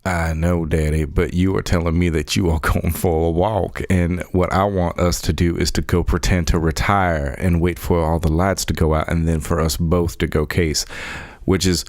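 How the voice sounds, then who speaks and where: A man's voice: deep voice, little pitch movement, normal speed, a little mellow, no echo, clean studio sound. A man voicing a polite, charming young rogue in a tabletop role-play, in a put-on drawl. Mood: smooth.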